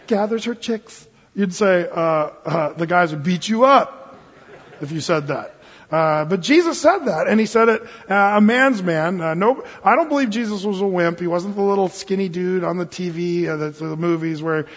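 A man's voice: high voice, husky. A man preaching a sermon as a pastor, folksy and conversational, with acted asides. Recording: muffled, with long hall reverb.

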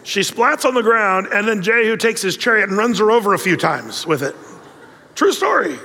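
High-voiced pastor telling a story. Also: male voice, fairly quick, gravelly, pushed and bright, big-room sound. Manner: conversational storytelling with joking asides. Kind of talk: sermon.

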